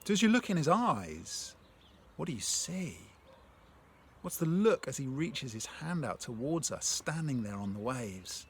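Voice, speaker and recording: A man giving a reflective devotional talk. He reads a prayer aloud and then puts gentle questions to the listener, moving between hushed phrases and stronger ones. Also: mid-range voice, sing-song, unhurried, slight background noise. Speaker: speaker sharing a faith story.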